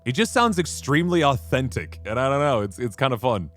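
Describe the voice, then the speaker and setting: Guy streaming a game, super animated voice, faint game music under him. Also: mid-range voice, fairly quick. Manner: animated, chatty, playful. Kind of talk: let's play commentary.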